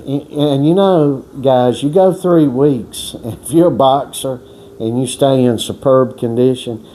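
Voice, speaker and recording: A man with a mid-range, dark-toned voice tells a long, rambling story on a boxing workout channel, with slight background noise. His talk is casual, folksy and profane with many restarts, and he acts out what other people said.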